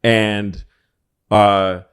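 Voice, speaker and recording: Podcast co-host, male, lowish voice, loose rambling comic storyteller. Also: flat delivery, drawn-out words, clear, resonant tone. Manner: rambling storyteller, acts out quoted voices, swears. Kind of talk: casual comedic chat.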